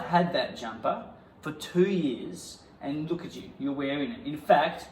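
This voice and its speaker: A man teaching an acting lesson, jumping into loud, indignant improvised scenes. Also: on the high side, moderate pace. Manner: bursts into loud indignant outbursts during scenes. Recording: echoey room.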